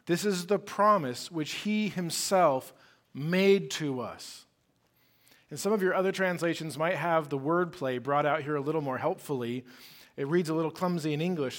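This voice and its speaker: A man preaching a sermon as pastor, conversational and emphatic, with rhetorical questions. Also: on the high side.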